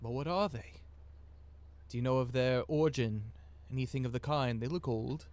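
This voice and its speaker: A man's voice: medium pitch, moderate pace, a little mellow, lightly acted. A man doing a courteous elf lord. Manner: polite, formal.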